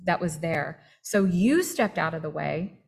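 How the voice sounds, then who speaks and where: A woman's voice: sits low, animated, unhurried, vocal fry, husky. Woman cohost, earnest, talks right to the guys listening, supportive. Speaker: webinar co-host. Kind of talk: candid faith-based conversation.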